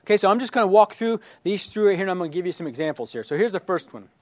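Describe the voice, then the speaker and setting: A man's voice: high voice, animated, racing. Man teaching, checking in with "right?". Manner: asks questions and checks in with "right?". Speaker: Bible class teacher. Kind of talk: classroom teaching.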